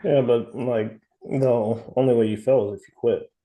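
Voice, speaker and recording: A man's voice: mid-range voice, steady tone, normal speed, warm tone, low-quality recording. A man co-hosting a podcast in casual chat, blunt and emphatic, swearing freely. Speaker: podcast co-host.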